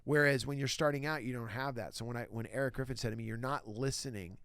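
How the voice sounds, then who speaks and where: A middle-aged man with a gravelly, fry-tinged voice tells anecdotes as a stand-up comedian and guest on a casual interview. He talks in a loose, animated way and keeps acting out what other people said. The recording is dry and close, with no room sound. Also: medium pitch, rapid-fire, dry recording. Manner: lively anecdotes, acts out other people's lines.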